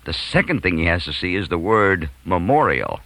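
A man telling a comic school anecdote, chuckling and swinging from hushed to loud. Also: low voice, moderate pace, dry recording, rough recording. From New York. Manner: animated, chuckling, big swings from quiet to loud. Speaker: storyteller. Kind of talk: comic anecdote told to an audience.

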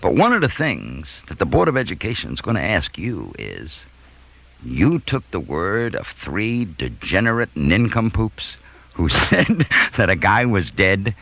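A man playing a cocky, smooth-talking teenage boy who bargains his way out of trouble. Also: deep voice, sing-song, measured pace, a bit bright, no room sound, exaggerated voice, poor audio. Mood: coaxing. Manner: persuasive, coaxing, street-smart.

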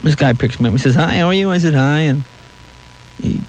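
A man's voice: on the high side, a little fast, low-quality recording. A man telling anecdotes as a comedian guest in an interview, acting out the voices of people in his stories. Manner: animated, acts out voices in stories.

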